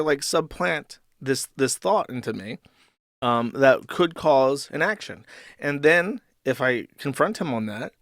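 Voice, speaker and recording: A young man rants to his chat, exasperated and profane, trailing into restarts and sneering laughs. His voice sits a little high for a man, recorded close and dry with no room sound. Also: fairly bright tone, dry recording. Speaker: streamer host reacting to a clip. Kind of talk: ranting commentary to chat.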